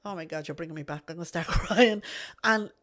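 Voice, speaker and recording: A woman's voice: fairly low pitch, brisk, fairly bright tone. A woman, a podcast guest telling her story earnestly and repeating phrases for emphasis. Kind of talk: emotional personal storytelling.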